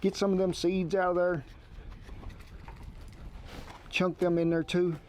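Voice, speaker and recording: A man talks through a recipe at the stove. His voice sits a little high, and his drawl is homespun and folksy. Faint background noise stays under his voice. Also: little pitch movement, a little slow, darkish tone. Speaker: cooking show host. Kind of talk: folksy cooking demonstration.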